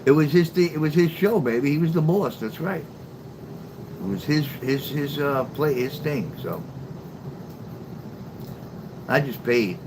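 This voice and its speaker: A man's voice: a little high, measured pace, long pauses. A middle-aged man chatting casually on a late-night livestream, answering viewers by name, swearing freely in a sarcastic, rambling way. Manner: talks back to chat, profane and sarcastic. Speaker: live streamer. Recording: steady background noise.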